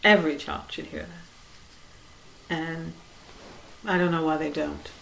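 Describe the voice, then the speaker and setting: A woman giving a reflective spiritual talk in a conversational way, with many "you know"s, soft laughs, and quiet trailing phrases. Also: sits low, fairly even intonation, unhurried, gravelly, a little hiss or hum, rough recording. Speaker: dharma talk speaker.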